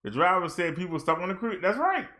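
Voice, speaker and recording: A male minister in casual livestream chat, joking around and getting excited when he reads out numbers. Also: high voice, fast talker. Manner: chatty, jokey, excited when reading numbers.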